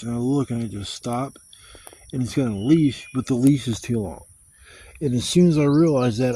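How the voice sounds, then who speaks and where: A man rambles through stories at a nighttime campsite, swearing freely and getting animated as he goes. His voice is dark and mellow. Faint crickets and insects chirp in the background. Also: mid-range voice, slight background noise. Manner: profane, rambling, animated when retelling stories. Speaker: camping vlogger. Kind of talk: casual rambling storytelling. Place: campsite in the woods, outdoors.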